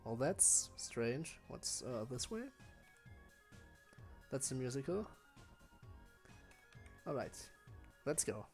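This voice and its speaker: A man's voice: medium pitch, animated, takes it slowly, creaky, long pauses, darkish tone, faint music behind. A man streaming a video game, chatting casually about what he is doing and joking about his own attempts at character voices. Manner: chatty and self-deprecating. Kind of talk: casual gameplay commentary.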